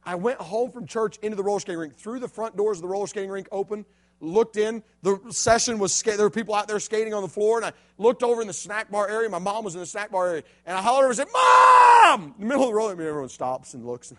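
A middle-aged man from Illinois giving a sermon testimony, dropping to a hush and then rising to a shout. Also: high-pitched, quick pace. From Illinois, USA. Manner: swings from hushed to shouting. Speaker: preacher.

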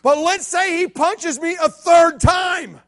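A man's voice: very high voice, slow, fairly bright tone, raised voice. A man preaching a playful youth sermon, joking with the crowd and acting out stories in different voices. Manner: playful, jokey storytelling with acted-out voices. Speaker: youth pastor.

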